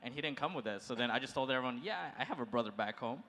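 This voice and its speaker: A man's voice: medium pitch, lively intonation, rapid-fire, a bit bright, a little hiss or hum. A man from the Philippines telling a childhood story on a panel, hesitant and full of fillers.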